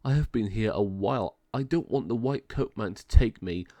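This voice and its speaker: A man's voice: fairly low pitch, normal speed, dark tone, no room sound. A man voicing an anxious caged dog. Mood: worried. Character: caged dog, male, anxious, long in the pound.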